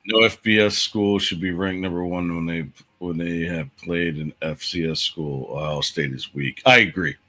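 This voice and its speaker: A man co-hosting a sports podcast, casually running through game picks in a relaxed way. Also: deep voice, moderate pace, few pauses.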